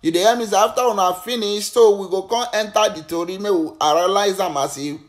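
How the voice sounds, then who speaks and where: A man's voice: high-pitched, quick pace. A man with a Nigerian Pidgin accent, a vlogger chatting directly to his viewers. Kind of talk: casual commentary to viewers.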